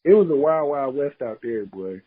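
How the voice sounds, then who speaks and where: A man's voice: mid-range voice, expressive, normal speed. A man chatting on a casual podcast in a slangy way, calling people bro and bruh, heard over a tinny line.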